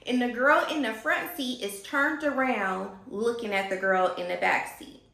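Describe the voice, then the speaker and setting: Woman, casual storytime, gossipy and animated, bright tone, echoey room. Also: fairly high pitch, normal speed, vocal fry. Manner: animated, gossipy, talks to viewers as y'all.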